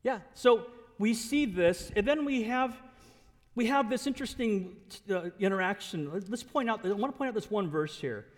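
Animated high-voiced male preacher. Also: moderate pace, long reverb tail. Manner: animated, acts out the scripture characters, chuckles often. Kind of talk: sermon.

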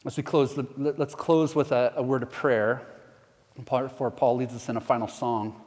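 A middle-aged man preaching a sermon as pastor, telling stories in a conversational way and easing into soft prayer. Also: medium pitch, fairly even intonation, moderate pace. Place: church sanctuary. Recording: long reverb of a church hall.

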